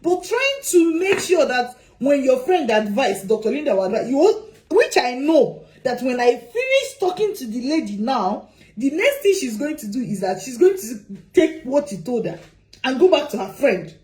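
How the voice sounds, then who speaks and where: A woman giving advice as a migration consultant, animated and repeating her points with rhetorical questions. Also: sits high, normal speed, rough recording. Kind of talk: advice talk to camera.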